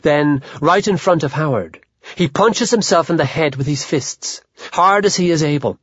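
A man narrating a literary audiobook in a measured, even manner. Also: a little high, breathy edge, no echo. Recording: dull lo-fi dry audio.

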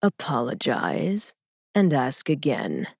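A woman voicing a talking magic eight ball that gives curt, slow, ominous answers. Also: very animated, vocal fry, slightly rough, no echo, heavily acted. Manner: slow, low, curt pronouncements.

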